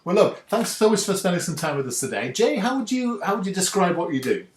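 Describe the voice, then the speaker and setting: A man's voice: high voice, very animated, quick pace. A man hosting a podcast interview, chatty and friendly, often restarting his sentences. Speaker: podcast host. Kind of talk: casual interview chat. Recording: roomy echo.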